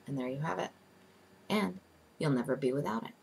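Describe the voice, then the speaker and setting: A woman teaching a recorded lesson in a slow, deliberate, scripted way, spelling out each term. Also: deep voice, animated, creaky, slightly rough. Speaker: literature teacher. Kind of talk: scripted video lecture.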